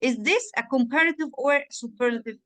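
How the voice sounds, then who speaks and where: A woman with a fairly high voice gives a one-on-one online English lesson. She is a native Arabic speaker and talks over a video call. She is patient and clear, repeating words for the student and often checking "okay?". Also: brisk, fairly bright tone. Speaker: English tutor.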